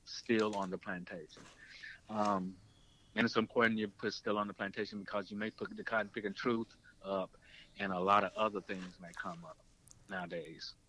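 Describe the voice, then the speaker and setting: A man, a documentary filmmaker and former radio producer, telling a long story in an interview and acting out the people he quotes. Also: rough recording. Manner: animated, acts out quoted voices with pitch jumps.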